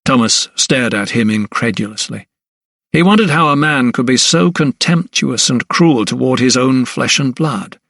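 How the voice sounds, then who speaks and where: A male narrator reads a historical mystery in a measured, even manner. His voice sits in a middle register and is recorded dry and close on a studio mic. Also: mid-range voice, vocal fry, no room sound. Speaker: audiobook narrator. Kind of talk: scripted narration.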